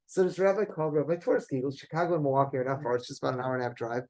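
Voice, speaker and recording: A man, a rabbi telling a story in a sermon, animated and at times rising to near-shouting. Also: on the high side, racing, few pauses, rough recording.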